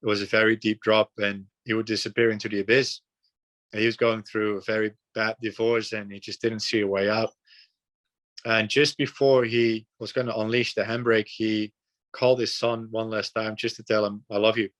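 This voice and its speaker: Low, flat-toned man from the Netherlands. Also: normal speed. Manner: earnest, relaxed, frequent fillers and repeats. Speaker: podcast guest. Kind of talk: casual storytelling.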